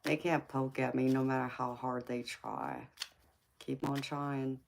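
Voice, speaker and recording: A woman with a drawl chats to her live-stream audience in a low, slow, unhurried voice. She teases playfully, laughs easily and calls everyone baby or honey. Faint card shuffling and clicks can be heard behind her. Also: little pitch movement, gravelly, noisy background.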